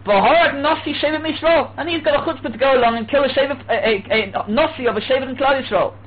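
A man giving an animated Torah class, restarting phrases and acting out what others said. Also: very high-pitched, fast. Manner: animated, acts out voices, restarts often. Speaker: Torah teacher. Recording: tinny phone-like line with faint hiss.

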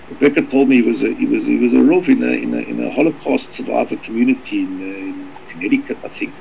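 Male rabbi teaching a class, rapid and gravelly, stumbles and repeats words, dull lo-fi recording with light hiss. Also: mid-range voice. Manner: rapid, halting, repeats words, reads Hebrew fast. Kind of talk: Torah lesson with Hebrew reading. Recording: dull lo-fi recording with faint noise.

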